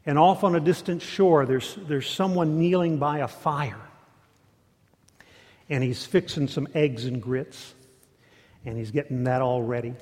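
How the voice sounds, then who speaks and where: A preacher with a slightly high voice tells the story in a lively, repetitive way. A long reverb fills out every phrase. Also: male voice, a little slow, long pauses. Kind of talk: sermon.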